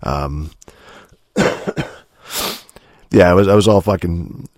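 A man's voice: sits low, slow pace, a little mellow, dry recording, studio quality. A man telling gaming stories in a casual, rambling monologue, swearing constantly and full of filler words.

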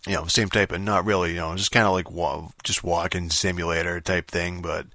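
A man's voice: deep voice, flat delivery, brisk, bright, forceful tone, no echo, clean studio sound. A man in a casual, rambling rant, swearing constantly and sounding annoyed and dismissive. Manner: profane, rambling, heavy filler words. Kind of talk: casual ranting monologue.

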